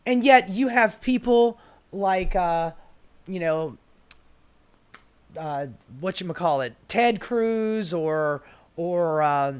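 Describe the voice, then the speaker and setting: A political commentator who rants in an unhurried drawl, sarcastic and heavy on profanity. The voice sits in a middling register, and the commentator keeps firing off exasperated rhetorical questions. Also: mid-range voice, lively intonation, clear, resonant tone.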